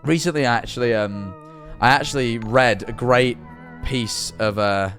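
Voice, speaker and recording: A man's voice: mid-range voice, a bit bright, faint music behind. A man chatting casually on his livestream, rambling and swearing freely as he reads chat and jumps between topics. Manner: rambling, sweary, jumpy and quick to laugh. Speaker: streamer.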